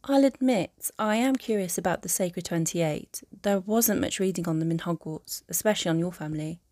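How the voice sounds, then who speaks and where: A woman voicing an earnest young witch in a fan audiobook, her voice lifted and brisk. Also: fairly low pitch, dark tone, dry recording, natural voice.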